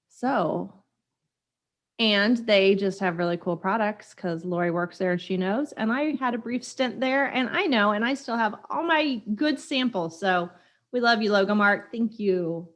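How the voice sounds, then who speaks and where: A woman from Kansas City hosting a podcast in casual chat, upbeat and quick to laugh. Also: mid-range voice. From Kansas City, USA. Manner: upbeat, chatty, laughs easily. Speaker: podcast host.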